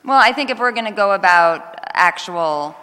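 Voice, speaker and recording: A woman official giving formal testimony at a council hearing, measured and hesitant, with many ums. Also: medium pitch, expressive, pushed and bright. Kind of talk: formal testimony answering questions. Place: city council hearing chamber. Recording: reverberant council chamber.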